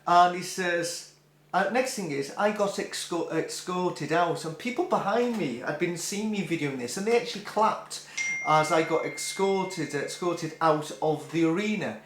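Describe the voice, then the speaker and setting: A man's voice: high voice, unhurried, a bit bright, echoey room, slight background noise. A middle-aged man telling a rambling, self-deprecating concert story with many restarts. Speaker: music vlogger. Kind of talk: casual storytelling.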